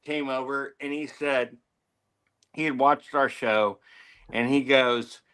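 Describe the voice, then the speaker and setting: A man's voice: medium pitch, fairly even intonation, takes it slowly, a bit bright, clear, resonant tone. An American man co-hosting a podcast, chatting casually in a rambling, self-mocking way with plenty of swearing. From United States. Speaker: podcast co-host. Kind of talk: casual banter.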